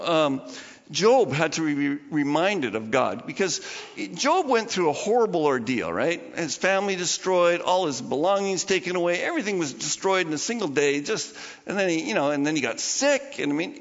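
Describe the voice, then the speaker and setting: In a muffled recording full of long hall reverb, a male pastor delivers an informal, conversational sermon with laughing asides to the congregation. His voice is high and fairly bright.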